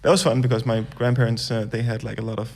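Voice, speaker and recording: A young man, a guest on a casual podcast, who tells his stories in a relaxed way and swears offhandedly. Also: medium pitch, fast, vocal fry.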